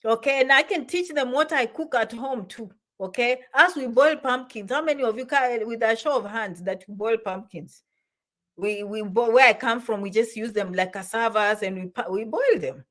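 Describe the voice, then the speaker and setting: A woman giving casual advice, lively and repetitive, often checking "okay?" and "you understand?". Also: on the high side, normal speed. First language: not English. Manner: animated, repeats "okay?" and "you understand?", acts out quoted voices. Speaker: immigration advice vlogger. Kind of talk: casual explainer talk.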